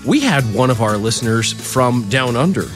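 A man's voice: mid-range voice, moderate pace. A man hosting a casual political talk show, rambling and interrupting himself as he chats. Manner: lively, rambling, self-interrupting. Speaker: host. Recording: dry studio sound with faint music.

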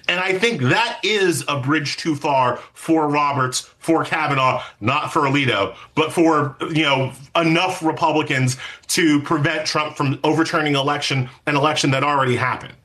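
A man speaking as an interview guest, emphatic and quick, with many fillers and restarts. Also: on the high side, pushed and bright. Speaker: legal commentator guest. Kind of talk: political interview.

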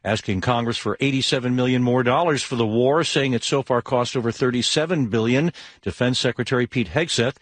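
A man's voice: mid-range voice, fairly quick, no room sound. Male radio news anchor. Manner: crisp read news copy. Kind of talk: radio newscast. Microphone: studio mic.

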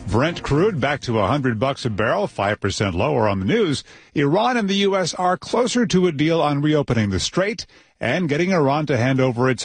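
A man anchoring a radio newscast, reading headlines with a brisk, measured delivery. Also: fairly high pitch, slightly rough, dry recording. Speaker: news anchor. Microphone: dry studio mic.

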